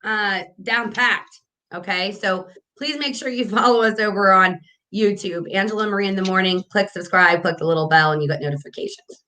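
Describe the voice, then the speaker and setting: A woman's voice: mid-range voice, normal speed, pushed and bright. A woman hosting a casual morning livestream, chatty and rambling with lots of fillers and restarts. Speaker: morning show host.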